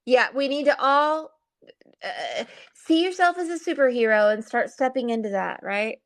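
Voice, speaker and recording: A woman who gives spiritual readings talks in a loose, chatty and affectionate way during a casual livestream. Her voice sits slightly high. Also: expressive, normal speed. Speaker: psychic reader and guest.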